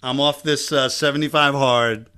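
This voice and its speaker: Long island guy hosting a podcast, bright clear voice, chatty and upbeat. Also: medium pitch, moderate pace. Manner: energetic, laughing, conversational. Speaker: podcast host. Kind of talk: casual podcast chat.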